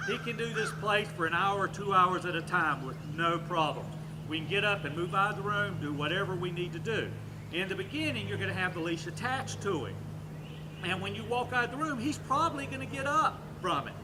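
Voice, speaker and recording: A man working as a dog trainer, calmly explaining a training demonstration and giving short, firm commands to a dog. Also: high voice, a little fast, noisy background.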